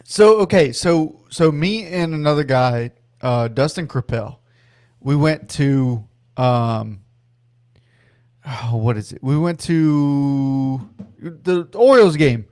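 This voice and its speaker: Excitable swearing young man. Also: on the high side, slow. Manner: excitable, swears a lot, restarts often. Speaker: podcast co-host. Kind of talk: casual sports chat.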